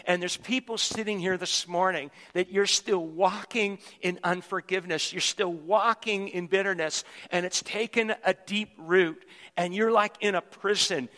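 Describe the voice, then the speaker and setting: High, bright-voiced preacher in a reverberant hall. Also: male voice, steady tone, moderate pace. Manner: emphatic preaching with repetitions. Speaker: pastor. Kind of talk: sermon. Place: church sanctuary.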